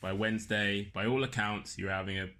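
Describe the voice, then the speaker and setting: A man with a fairly low, bright and forceful voice, chatting. He rambles and pokes fun at himself, filling gaps with ums and likes, in relaxed comic banter. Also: a little fast, slight background noise. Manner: rambling, self-deprecating, lots of fillers. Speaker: podcast guest. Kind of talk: casual comedic chat.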